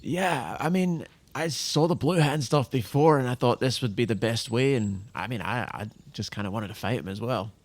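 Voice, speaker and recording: A man's voice: medium pitch, normal speed. A man playing a tabletop role-playing game, speaking hesitantly with stammers as he explains his character's choices. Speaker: player. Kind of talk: casual tabletop play.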